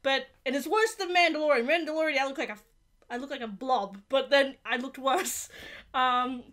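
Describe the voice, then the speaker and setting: A young woman hosting a reaction video, who gets excitable and shouts and swears at the screen while watching a TV episode. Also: high-pitched, normal speed.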